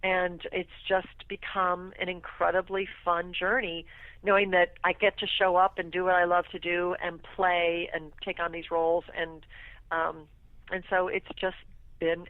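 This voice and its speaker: A woman tells her story as a guest on a radio talk show, animated and quick to laugh. Her voice comes through a tinny, phone-like line with no room sound around it. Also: on the low side, no room sound. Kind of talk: casual storytelling interview.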